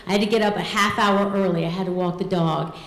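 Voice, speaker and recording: A woman's voice: medium pitch, fairly even intonation, fast, roomy sound, poor audio. A woman in her thirties telling a true personal story on stage, comic and self-deprecating, acting out the voices of the people in it. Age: 30s.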